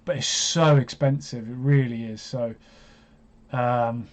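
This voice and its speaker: A man hosting a live watch-along stream, chatty and hesitant, breaking into excited reactions as he comments. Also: mid-range voice, slow.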